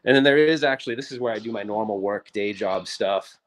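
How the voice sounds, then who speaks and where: A man's voice: fairly low pitch, brisk. A man in his forties hosting a casual livestream, rambling in an upbeat way and often trailing off and restarting his sentences. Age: 40s. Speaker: livestream host.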